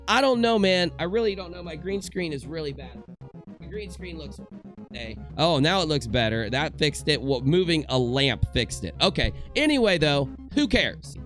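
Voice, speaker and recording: A man's voice: fairly high pitch, sing-song, moderate pace, fairly bright tone, faint music behind. A young man giving a casual commentary rant from home in front of a green screen, joking and rambling with self-mocking asides. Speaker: commentary YouTuber.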